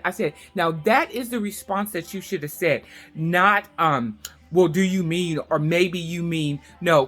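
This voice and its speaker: Woman, middle-aged, casual vlog, emphatic, lower voice, faint music behind. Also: fairly bright tone. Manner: chatty, emphatic, repeats herself for stress. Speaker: vlogger. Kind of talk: casual talk to camera.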